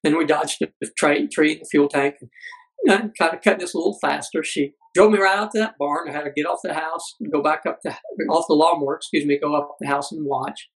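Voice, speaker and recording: A middle-aged man, a podcast guest, telling a personal story earnestly, halting with many fillers. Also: on the high side, fairly even intonation, poor audio.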